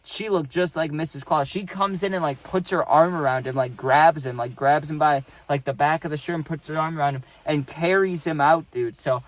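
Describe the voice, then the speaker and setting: A man's voice: a little high, fairly even intonation, normal speed, few pauses. A young man casually telling a workplace story, rambling and profane and checking in with "right?".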